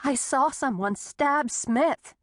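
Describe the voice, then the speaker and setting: A woman's voice: high voice, lively intonation, normal speed, no echo, studio quality, voice pushed up. A woman voicing a frightened young woman whose tense voice keeps breaking as she pleads. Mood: desperate.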